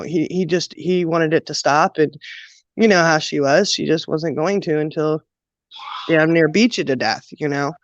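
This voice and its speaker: A woman telling her own childhood story in a halting, emotional way, with many pauses and fillers. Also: sits low, dry recording. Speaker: guest sharing childhood story. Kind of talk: personal storytelling. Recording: dull, dry lo-fi sound.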